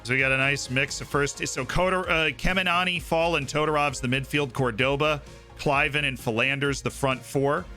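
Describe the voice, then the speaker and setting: A man's voice: on the high side, steady tone, normal speed, bright, forceful tone, soft background music. A man streaming a football management game, chatting casually and cheering his team on. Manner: chatty, hypes his team, thinks aloud. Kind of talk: casual gameplay commentary.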